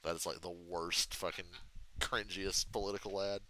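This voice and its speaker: A man's voice: low-pitched, pushed and bright, a little hiss or hum, poor audio. A man streaming a casual live reaction to a football game, talking bluntly and crudely with jokes along the way.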